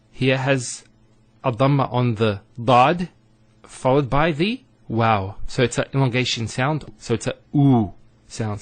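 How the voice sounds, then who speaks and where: A man teaching a recorded Arabic lesson, speaking deliberately and drawing out vowels to show pronunciation. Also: medium pitch, expressive, no room sound.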